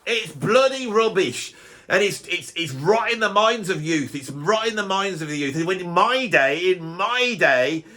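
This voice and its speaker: A man doing a bitter middle-aged music snob who grumbles and blusters through a comic rant. The voice sits a touch high and comes out bright and tense. He trips over his own restarts as the complaints pile up. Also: lively intonation, a little slow, exaggerated voice. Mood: grumbling. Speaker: YouTuber doing a comic character.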